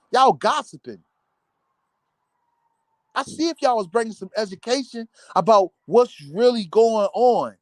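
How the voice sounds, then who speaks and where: A live streamer in full rant, talking straight at their audience with cutting sarcasm and blunt, profane asides. Phrases get repeated for emphasis, and the voice sits at an ordinary middle pitch. The sound is dry and close, with no room around it. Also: no room sound. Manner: blunt, swears freely. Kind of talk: ranting commentary.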